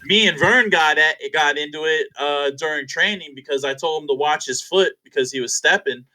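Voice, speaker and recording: A young man, a fighter guest on an interview show, telling stories in a casual, animated, profane way and acting out other people's lines. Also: fairly high pitch, normal speed, poor audio. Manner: animated, profane, acts out quotes.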